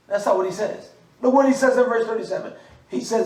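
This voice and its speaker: A man preaching a sermon, moving from quiet asides to loud, slow scripture reading. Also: high-pitched, lively intonation. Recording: echoey room, mic at a distance.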